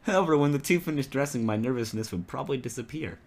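A speaker reading a visual novel's narration aloud between jokes with friends, with a husky voice. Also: medium pitch, lively intonation, fast, darkish tone. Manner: reads narration, then breaks off laughing and joking.

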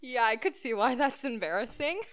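Bright smooth-voiced young woman chatting. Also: a little high, lively intonation, normal speed. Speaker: co-host. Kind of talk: casual storytelling chat.

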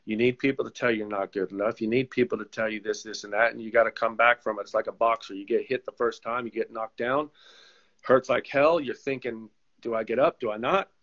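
Guy, ex goalkeeper now coach, tells stories lively and does the voices, kinda dull lo-fi audio. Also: mid-range voice, a little fast. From United States. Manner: animated storyteller who acts out quoted voices. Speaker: guest, former pro goalkeeper and coach. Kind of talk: casual storytelling interview. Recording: slightly dull lo-fi sound.

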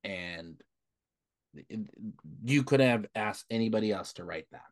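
Man, young adult, podcast co-host, lowish voice, casual storytelling. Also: measured pace. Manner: relaxed storyteller, acts out quoted dialogue. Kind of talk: casual chat.

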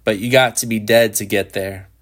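A man voicing a sly, defiant teenage boy who makes flat, knowing pronouncements about damnation. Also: on the low side, normal speed, lightly acted.

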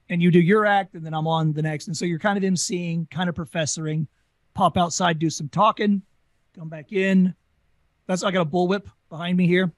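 A man with a Southern US accent, a former carnival talker telling stories in an interview, talking fast and animated. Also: high-pitched, dry recording. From Southern United States. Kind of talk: casual storytelling interview.

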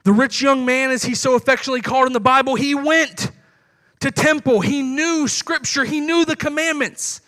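A man's voice: extremely high pitch, steady tone, moderate pace, bright, forceful tone. A young man preaching a sermon to his congregation in a conversational way, acting out little dialogues.

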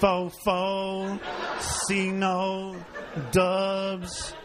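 A man with a slightly high voice delivers a stand-up set in blunt, profane punchlines. He is from a Mexican-American background and works a comedy club stage. The live recording carries clear room and audience noise around him. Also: monotone, extremely slow, crowd noise.

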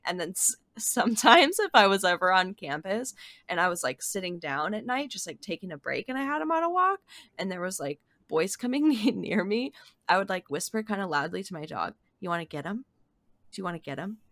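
Bright chatty young woman. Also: medium pitch, big pitch swings, brisk, no echo. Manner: chatty, laughs often, acts out quotes. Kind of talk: casual chat.

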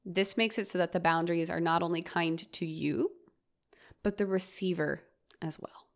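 A woman's voice: fairly low pitch, steady tone, moderate pace. A woman hosting a solo podcast, talking earnestly and reflectively and acting out her own quoted lines. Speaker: host.

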